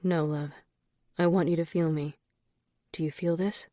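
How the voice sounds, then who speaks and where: Audiobook male lead voiced by a woman: a seductive, assured man, low and murmured. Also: fairly even intonation, unhurried, warm tone, no room sound, studio quality. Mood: intimate. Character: confident seductive adult man, tender lover.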